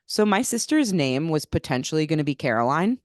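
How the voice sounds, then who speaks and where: A woman co-hosting a podcast in casual chat, calm and thoughtful, telling stories in an easygoing way. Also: low voice, a little fast, no echo, studio quality. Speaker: podcast co-host.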